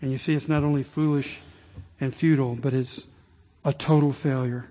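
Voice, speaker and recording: A man preaching a sermon as pastor, rising to impassioned pleading and dropping low and slow. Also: steady tone, warm tone. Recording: long reverb of a large hall.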